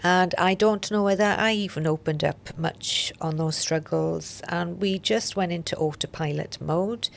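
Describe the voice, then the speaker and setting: A woman's voice: lowish voice, a little slow, creaky, hardly any pauses. A woman, a podcast guest, telling her story openly and reflectively. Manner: open, reflective, with soft laughs. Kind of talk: candid interview storytelling.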